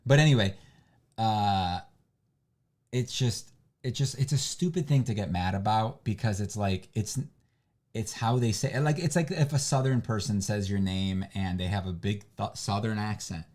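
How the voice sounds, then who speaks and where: A man's voice: lowish voice, moderate pace. A man who immigrated to the country, chatting casually on a livestream with lots of restarts and asides. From immigrant, foreign-born. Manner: rambling, animated, lots of restarts. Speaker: livestream co-host. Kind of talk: casual chat.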